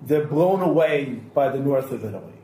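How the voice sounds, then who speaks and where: A man's voice: medium pitch, animated, moderate pace, dark tone. A man co-hosting a podcast, telling long anecdotes and quoting what others said, in a casual roundtable chat. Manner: storytelling, long anecdotes with quoted dialogue. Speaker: podcast co-host. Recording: roomy echo, faint background hiss.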